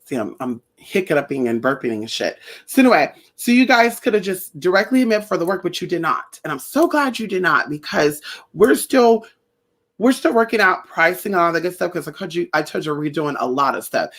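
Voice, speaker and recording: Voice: medium pitch, big pitch swings, a little fast, a bit bright. A livestream host and spiritual practitioner chatting casually with viewers in a rambling, profane way, calling them honey and darling. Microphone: phone or webcam.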